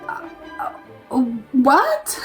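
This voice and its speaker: A woman's voice: high voice, huge pitch swings, drawn-out words, soft background music. A young woman from the United States hosting a reaction video, reading comments aloud and reacting with laughs and disbelief. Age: young adult.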